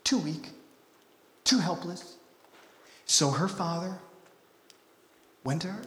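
A man from Utah preaching a sermon, swinging between hushed, intimate lines and loud, emphatic ones. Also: sits high, takes it slowly, pauses often. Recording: echoey hall.

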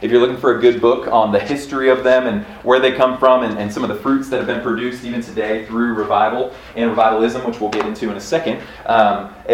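A man in his thirties from Kansas giving a casual, earnest church talk, chatty and quick to laugh, often restarting his sentences. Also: medium pitch, slight background noise. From Kansas, USA. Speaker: church speaker teaching on revival history. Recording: roomy echo, faint room ambience.

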